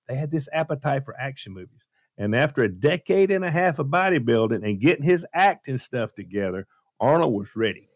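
A male radio host telling a story in a casual, animated way, with plenty of fillers. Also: on the high side, no room sound, studio quality. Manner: lively, animated retelling with fillers.

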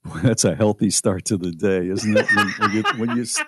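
A man's voice: lowish voice, fairly quick, slightly rough, no echo, clean studio sound. A middle-aged man hosting a radio show, reading items aloud in casual banter and reacting with mock disgust.

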